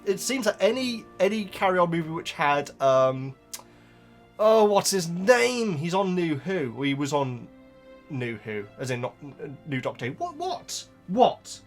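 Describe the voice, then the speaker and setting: Guy rambling on casually, kinda high voice, faint music behind. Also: very animated, measured pace. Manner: rambling, chatty, many restarts, talks softly to his dog. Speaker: book reaction host. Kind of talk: casual chat while reading.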